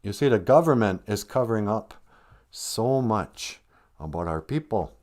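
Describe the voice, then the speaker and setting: A man's voice: lowish voice, expressive, measured pace, darkish tone. A middle-aged man hosting a comedy live stream, rambling through jokes and language lessons with playful asides.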